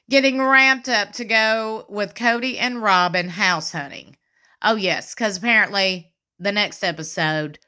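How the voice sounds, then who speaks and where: A woman's voice: on the high side, pushed and bright. A woman, hosting a casual, sassy recap of a reality show and acting out what the cast said. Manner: sassy, chatty, quotes people with playful asides.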